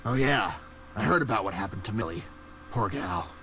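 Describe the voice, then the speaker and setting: A man's voice: fairly low pitch, lively intonation, normal speed, pushed and bright. An actor playing a paranoid, aging male caped vigilante in a video game, who talks in conspiratorial asides.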